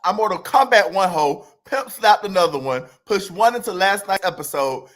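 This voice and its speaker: A man voicing a brash, boastful woman bragging about a brawl, in a loud, swaggering delivery. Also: sits high, expressive, normal speed.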